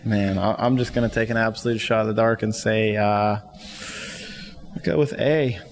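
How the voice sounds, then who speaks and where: A man's voice: fairly low pitch, fairly even intonation, moderate pace, long reverb tail, a little hiss or hum. A man joining a podcast as a brewery guest, chatting casually and making easygoing jokes. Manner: joking, easygoing. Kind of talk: casual chat.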